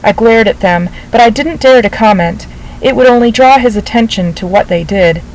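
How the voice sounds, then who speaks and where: Woman calmly reading a literary story. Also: fairly high pitch, moderate pace, a little hiss or hum, low-quality recording. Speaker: narrator.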